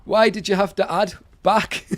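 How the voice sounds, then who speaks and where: Teasing English man, fairly high voice. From England. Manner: teasing, playful, chatty. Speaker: streamer. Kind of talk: casual gaming stream chat.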